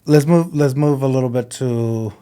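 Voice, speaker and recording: A man's voice: medium pitch, moderate pace, dark tone, clear, resonant tone. A man hosting a podcast, talking in a hesitant, agreeable way with many fillers. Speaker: podcast host. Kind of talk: casual podcast chat.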